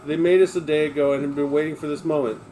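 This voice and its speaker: A man's voice: fairly high pitch, steady tone, fast talker, warm tone, faint music behind. A man reading a memoir aloud on a livestream, in an emphatic, blunt manner with plenty of swearing.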